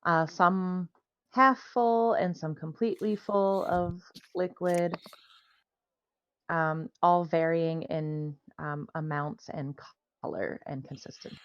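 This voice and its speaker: A woman serving as dungeon master who narrates a tabletop game in a relaxed, easygoing way. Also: fairly low pitch, takes it slowly, no echo, highs cut off.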